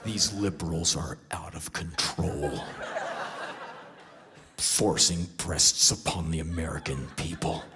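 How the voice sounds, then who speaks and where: A man mocking a deep, sneering TV pundit. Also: slow, heavy background noise. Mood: mock outrage. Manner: sneering, overblown alarm. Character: pompous male TV pundit, outraged, mocking.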